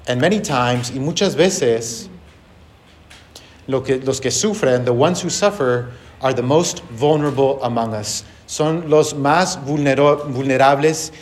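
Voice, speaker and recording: A man's voice: medium pitch, a little slow. A pastor giving a sermon to a church congregation, switching line by line between English and Spanish, with wry sarcasm. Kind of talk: bilingual sermon, preaching in English and translating himself into Spanish.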